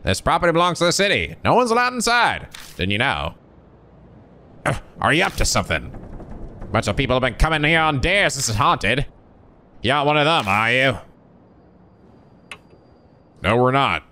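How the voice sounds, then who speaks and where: A man voicing an enthusiastic young male security guard in a high, eager, fussy voice. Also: very animated, moderate pace, pauses often, bright, forceful tone, slight background noise.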